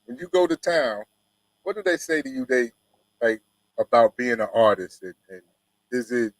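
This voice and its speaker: A man's voice: mid-range voice, animated, moderate pace, pauses often, no room sound, low-quality recording. A man, hosting a casual interview in a laid-back, rambling way full of fillers. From Mississippi Delta, USA. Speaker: host.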